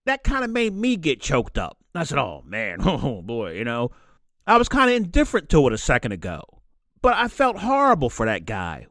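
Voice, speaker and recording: A man rants through a solo podcast episode, circling back on his own phrases to drive each point home. His voice sits high and swoops up and down. The sound is close and dry, with no room around it. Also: a bit bright, dry recording. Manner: impassioned, preachy, repeats phrases for emphasis. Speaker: podcast host. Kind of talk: solo opinion monologue.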